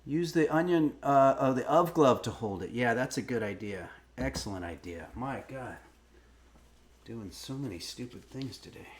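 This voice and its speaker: A man's voice: mid-range voice, expressive, normal speed. A man hosting a live-stream cooking lesson, chatting casually, frank and self-mocking, swearing now and then.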